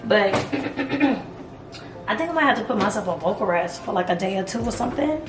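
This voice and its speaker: Hoarse chatty woman vlogging at home. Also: mid-range voice, animated, normal speed, distant mic. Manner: chatty, keeps calling the viewer "girl" and "y'all". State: hoarse from singing. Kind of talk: casual chat to camera. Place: home apartment, kitchen and bathroom. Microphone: camera on a tripod. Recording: echoey room with music behind.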